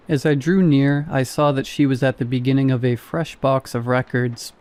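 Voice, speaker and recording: In a steady, scripted reading, a man narrates a frightening tale from his own perspective at a calm, measured pace. His voice is mid-pitched, mellow, and dark.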